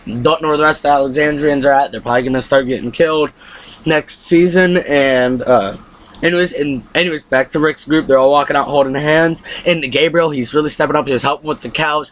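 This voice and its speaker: A man casually recapping a TV episode, excitable and acting out the characters' lines. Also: on the high side, brisk. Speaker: TV show reviewer.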